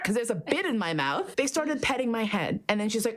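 A woman's voice: on the high side, big pitch swings, fast, hardly any pauses, fairly bright tone. A woman hosting a podcast, telling a candid story full of swearing and acted-out quotes. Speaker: podcast host. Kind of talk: candid casual chat.

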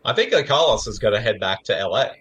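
Chatty man with a lively voice. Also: fairly low pitch, fast, breathy edge, highs cut off. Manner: playful, chatty. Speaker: podcast co-host. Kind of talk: casual movie chat.

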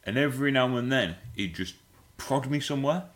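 A man's voice: mid-range voice, brisk. A man co-hosting a podcast, telling a rambling, comic story with swearing and frequent laughs. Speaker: podcast co-host. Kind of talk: casual comedic chat.

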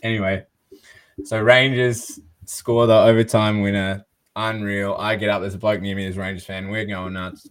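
A man's voice: lowish voice, flat delivery, moderate pace, smooth. A man co-hosting a podcast, telling sports stories in a casual, swearing, laughing way. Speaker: podcast co-host. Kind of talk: casual chat.

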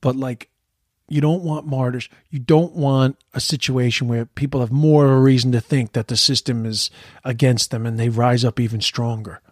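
Profane ranting man, husky voice. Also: medium pitch, fairly even intonation, normal speed, no room sound, studio quality. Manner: profane, ranting, repeats words when heated. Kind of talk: casual political commentary.

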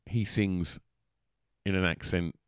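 A man from Essex hosting a podcast, his voice low and resonant. He talks with eager energy, stumbling over repeated words. The sound is dry and close. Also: steady tone, takes it slowly, smooth, no room sound. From Essex, England. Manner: enthusiastic, stammering repetitions. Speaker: podcast host. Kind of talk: casual interview chat.

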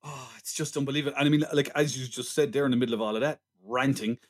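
A man's voice: mid-range voice, steady tone, rapid-fire. A man co-hosting a casual film review podcast, laughing along and cutting in to push back. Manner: laughing, chiming in, pushes back on the riffs. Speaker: podcast co-host.

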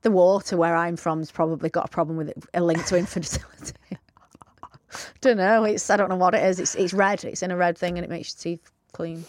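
A woman's voice: fairly low pitch, fairly even intonation, brisk. A young woman co-hosting a podcast, chatting casually and teasing her co-host. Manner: casual, teasing, laughs easily. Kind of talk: casual chat, reading listener messages.

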